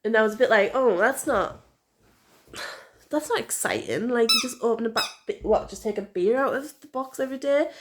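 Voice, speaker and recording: A woman with a North East English accent talks to her camera at home, in the casual rambling way of a personal vlog. Her voice sits a little high, and she strings thoughts together with plenty of fillers and restarts. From North East England. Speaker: vlogger.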